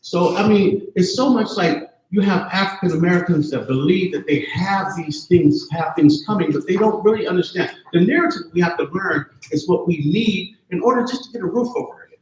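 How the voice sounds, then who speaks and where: A man's voice: high-pitched, lively intonation, brisk, few pauses, a little mellow. Passionate man in a very echoey hall. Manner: passionate, profane, keeps asking "you see what I'm saying". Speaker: audience member at a campus panel. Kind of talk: impassioned spoken comment. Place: campus event hall. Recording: very echoey live room.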